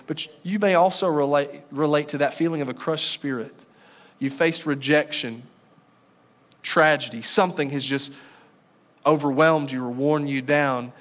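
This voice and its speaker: Earnest pastor preaching, slightly high voice. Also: male voice. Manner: earnest, rising in fervor on exhortations, dropping soft and low on sorrowful lines. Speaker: lead pastor. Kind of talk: sermon.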